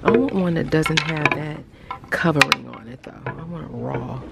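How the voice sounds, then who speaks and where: A woman's voice: low-pitched, moderate pace, vocal fry. A woman vlogger gushing over items while walking through a large store, often dropping into half-whispered asides. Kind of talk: casual shopping vlog. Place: inside a large retail store. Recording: noisy store ambience.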